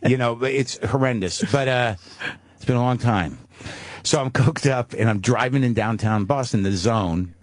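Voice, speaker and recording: A man's voice: medium pitch, normal speed, dry recording. Middle-aged guy telling a rambling self-deprecating story, dry studio mic, keeps restarting. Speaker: guest comedian. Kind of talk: casual storytelling. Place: radio studio. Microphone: studio microphone.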